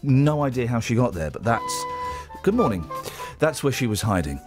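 A man's voice: medium pitch, big pitch swings, moderate pace, music in the background. A man hosting a morning radio show, joking and rambling as he reads out tabloid stories. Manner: joking, rambling, reads news aloud with asides. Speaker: radio host. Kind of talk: casual radio banter. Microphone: studio microphone.

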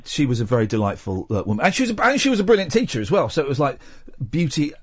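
A man's voice: a little high, very animated, racing, slightly rough. A man, hosting late-night talk radio from a studio, playful and teasing as he rambles. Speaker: radio host.

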